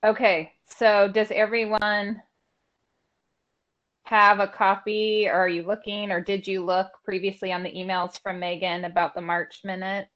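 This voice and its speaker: A woman's voice: mid-range voice, level tone, measured pace, fairly bright tone. A woman runs a board meeting, calling votes and giving reminders in a loose, filler-heavy way. Her voice comes through a dull, muffled recording. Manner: informal, with many fillers. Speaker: board chair. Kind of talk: chairing a public meeting.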